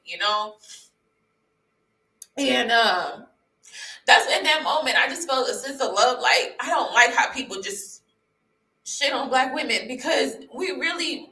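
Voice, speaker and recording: Emotional woman with a bright voice. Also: mid-range voice. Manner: earnest, heartfelt, rambling with restarts. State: emotional, near tears. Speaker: vlogger sharing her testimony. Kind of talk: emotional personal testimony. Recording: roomy sound, mic at a distance.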